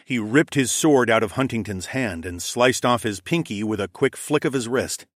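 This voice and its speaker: Brief: male first-person fantasy narrator, animated storyteller, dry studio sound. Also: medium pitch, moderate pace, no room sound. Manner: expressive, plain storytelling. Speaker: audiobook narrator.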